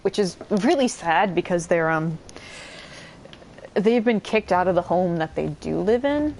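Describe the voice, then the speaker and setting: A woman giving casual, chatty let's-play commentary while she plays, excitable and quick to swear. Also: on the low side, a little hiss or hum. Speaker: gameplay streamer.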